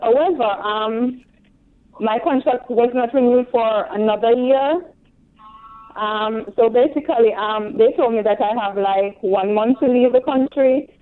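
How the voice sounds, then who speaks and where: A woman's voice: on the high side, a little slow. A woman with a Jamaican accent calling into a radio show, asking her question politely and hesitantly, with many ums. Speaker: caller. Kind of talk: phone-in question. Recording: tinny phone line.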